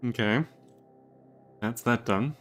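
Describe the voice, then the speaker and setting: A man's voice: medium pitch, takes it slowly, fairly bright tone, faint music behind. A man casually commenting while playing an adventure game, hesitant and mumbling. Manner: hesitant, mumbling, laughs to himself. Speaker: let's play gamer.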